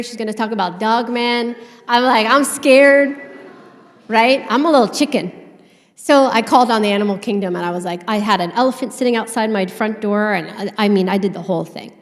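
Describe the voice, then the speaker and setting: Candid woman storyteller in a reverberant hall. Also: medium pitch. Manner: candid, animated storytelling with casual swearing. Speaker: conference speaker. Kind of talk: storytelling talk on stage. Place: conference hall stage.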